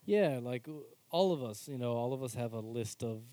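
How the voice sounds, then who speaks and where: Brief: man reading an article aloud, warm and mellow tone, wry asides between sentences. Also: medium pitch, lively intonation, moderate pace, dry recording, low-quality recording. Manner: casual, wry asides between read passages.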